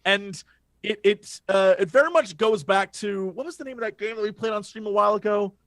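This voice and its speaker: A man in casual podcast chat, his voice sitting high for a man as he tells a story. He gets worked up and swears often. The sound is dry and close, with no room echo. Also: a little fast. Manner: excitable storyteller, swears freely. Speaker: podcast co-host.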